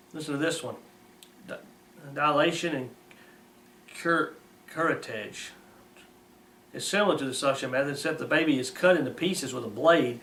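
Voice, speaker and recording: A man's voice: mid-range voice, fairly bright tone. A man reading aloud and delivering blunt, mocking moral commentary in folksy, plain-spoken grammar. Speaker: preacher. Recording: roomy, distant mic with faint hiss.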